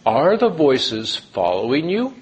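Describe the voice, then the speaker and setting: A man's voice: a little high, huge pitch swings, slow, a little hiss or hum, exaggerated voice. A man doing a pompous old professor.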